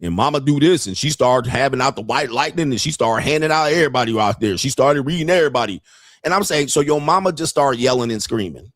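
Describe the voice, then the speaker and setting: A man's voice: medium pitch, lively intonation, fast, no echo, studio quality. A man in his fifties, a show host doing a profane, mocking comedic rant and laughing at his own jokes. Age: 50s. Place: home studio.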